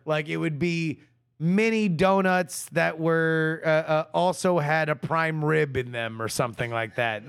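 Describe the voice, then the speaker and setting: A man co-hosting a comedy podcast, chatting casually, rambling and stammering, and quick to laugh. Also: a little high, clean tone. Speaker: podcast co-host.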